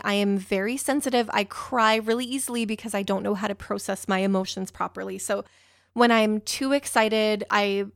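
A woman's voice: mid-range voice, dry recording, clean studio sound. A young woman telling a personal story in a rambling, emotional way, with a few swear words.

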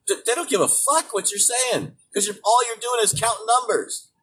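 Male host, high voice, profane political rant, distant mic. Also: normal speed. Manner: angry, swearing constantly, emphatic, bursts into shouting. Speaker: show host. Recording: distant mic with faint background noise.

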